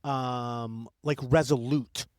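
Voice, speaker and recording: A young man co-hosting a podcast, telling a history story in an excitable, rambling way that keeps breaking off and jumping between tangents. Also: mid-range voice, takes it slowly, smooth, dry recording, studio quality. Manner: excitable, rambling, self-interrupting. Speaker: podcast co-host. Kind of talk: casual storytelling chat.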